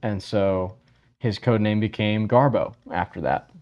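A man's voice: on the low side, a little slow, lo-fi sound. A man co-hosting a podcast, casually telling a history story with many fillers and frequent yeahs.

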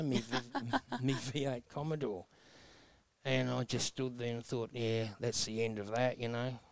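A man's voice: mid-range voice, clear, resonant tone, no room sound. A man in his sixties with an Australian accent, telling his life story as an interview guest in a blunt, earnest, folksy way. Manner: blunt, earnest, folksy with mild self-mocking humor.

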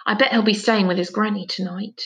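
A woman's voice: fairly even intonation, brisk, a bit bright, dull audio, close to an everyday voice. A woman voicing an upset, impatient boy in a storybook reading, pleading and urgent in a raised voice. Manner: pleading, urgent, higher-pitched.

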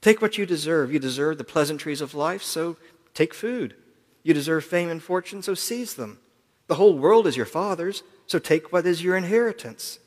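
A preacher voicing Satan as a coaxing tempter. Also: male voice, fairly high pitch, animated, normal speed, pitched above the performer's own voice, lightly acted. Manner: coaxing, insistent, rising and louder. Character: Satan, a smooth-talking male tempter. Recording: long hall reverb.

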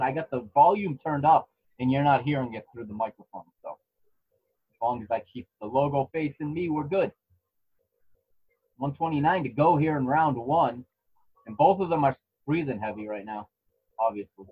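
A man gives casual play-by-play of a fight on a home podcast, his voice slightly husky. He is relaxed and chatty, often restarting his sentences. The recording sounds dull and lo-fi. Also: medium pitch, normal speed. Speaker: podcast co-host commentating a fight. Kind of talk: casual live fight commentary. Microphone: home microphone.

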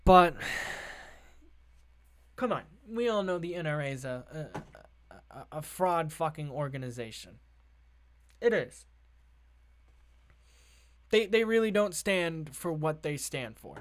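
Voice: mid-range voice, expressive, slow pace, long pauses. A political commentator reading news items aloud and ranting about them in a sarcastic, profane way.

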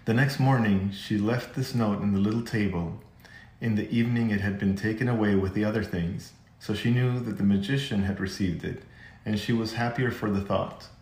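A man narrating a children's classic as an audiobook in a steady, measured way. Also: fairly low pitch. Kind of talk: scripted narration. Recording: echoey room.

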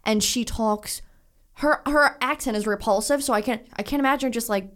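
A woman's voice: fairly high pitch, brisk, fairly bright tone. A woman co-hosting a podcast, chatting casually in a blunt, playful way, often stopping and restarting. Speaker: podcast co-host. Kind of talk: casual chat.

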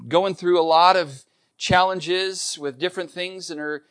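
A man's voice: high-pitched, fairly even intonation, measured pace, a bit bright, smooth. A middle-aged man preaching a sermon, earnest and emphatic, repeating key points. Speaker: pastor.

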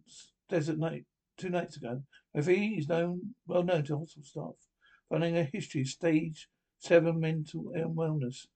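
A man's voice: on the high side, dark tone. A man voicing a male news anchor reading a bulletin, stumbling and restarting his lines.

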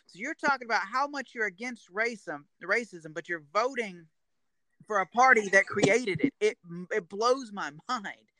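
A man's voice: high-pitched, normal speed, bright, forceful tone, no room sound. A man co-hosting a podcast, making his points in emphatic, insistent casual chat. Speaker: podcast co-host.

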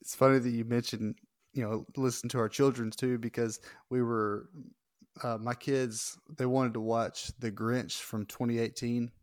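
A man in his thirties, a podcast guest chatting casually, self-deprecating and quick to laugh. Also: mid-range voice, level tone, no echo, clean studio sound. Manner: self-deprecating, laughs often, stumbles and restarts. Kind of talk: casual chat.

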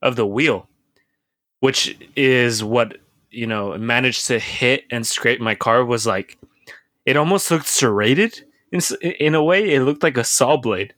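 A man's voice: medium pitch, unhurried, a bit bright, dry recording, clean studio sound. A young man casually telling a rambling, profane story on a podcast, full of restarts and filler words.

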